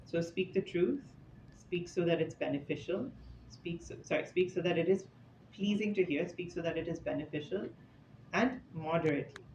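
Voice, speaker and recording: This man's informal scripture talk is full of stories and offhand asides, delivered in a chatty, conversational style. His darkish voice sits on the high side at a moderate pace, heard in an echoey, slightly dull indoor room with an audience and faint noise.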